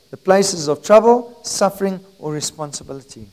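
High-voiced man preaching a sermon. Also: lively intonation, rough recording. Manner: emphatic preaching with swells in volume and slowed phrases. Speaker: pastor.

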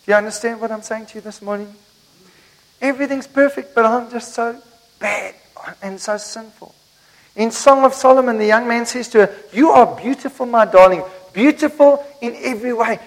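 A man's voice: extremely high pitch, fairly bright tone, rough recording. A South African man preaching a sermon to his congregation, telling stories and asking the listeners questions. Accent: South African English. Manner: storytelling, asks the congregation questions. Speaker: pastor. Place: church.

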